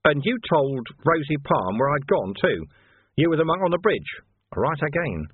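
A man reading an audiobook, voicing a calm, wily older sweeper-monk who teases dryly. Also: a little high, moderate pace, slightly rough, no echo, pitched above the performer's own voice. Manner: calm, dryly teasing, knowing. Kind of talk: audiobook character voice. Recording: dry tinny phone-like sound.

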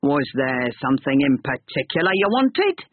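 A man voicing a gruff, wealthy older man in a storybook reading, hearty and shrewd, on a tinny narrow-band recording. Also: medium pitch, big pitch swings, normal speed, dry recording.

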